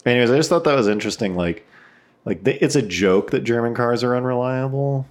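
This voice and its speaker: A man's voice: medium pitch, brisk. A man co-hosting a podcast, chatting casually with frequent fillers and swearing. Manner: relaxed, profane, many "like" fillers. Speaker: podcast co-host. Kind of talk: casual chat.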